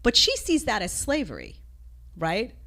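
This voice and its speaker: A woman's voice: medium pitch, wildly swooping pitch, unhurried, bright, forceful tone. A woman commenting on a played clip with an indignant, sarcastic, emphatic manner. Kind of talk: opinionated commentary.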